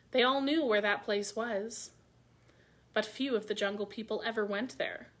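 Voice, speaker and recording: Bright-voiced woman reading a story aloud. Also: fairly high pitch. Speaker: library storyteller. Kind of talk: reading aloud a classic novel.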